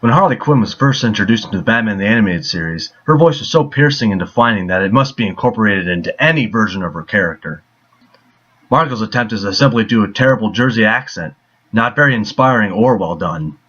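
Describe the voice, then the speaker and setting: A man's voice: on the low side, lively intonation, fast talker, a bit bright, breathy edge. A man reading a scripted film review in a sarcastic, mocking tone. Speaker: movie reviewer. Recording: dull lo-fi voice.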